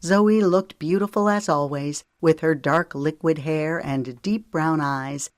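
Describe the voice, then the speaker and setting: A woman narrating an audiobook in a calm, measured storytelling manner. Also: low-pitched, no room sound, studio quality. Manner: calm, measured storytelling with lifted voices for dialogue. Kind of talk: scripted narration.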